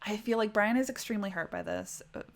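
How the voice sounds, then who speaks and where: A woman at a middle pitch, talking casually over a livestream as she plays. Her chat is loose and rambling, full of fillers and little apologies, as she thinks out loud about the story. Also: quick pace, creaky. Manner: chatty, rambling, lots of "like" fillers. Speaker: streamer. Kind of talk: casual livestream gameplay commentary.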